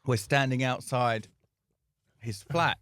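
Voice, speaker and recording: A man co-hosting a comedy podcast, telling an anecdote in a casual, animated way and acting out the people in it. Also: mid-range voice, takes it slowly, clear, resonant tone, no echo. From England. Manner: animated, acts out voices in anecdotes. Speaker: podcast co-host.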